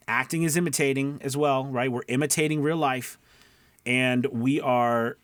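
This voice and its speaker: A man's voice: mid-range voice, no echo. A man coaching beginner voice actors in a casual teaching talk, often checking in with "okay" and "right.". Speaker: voice acting coach.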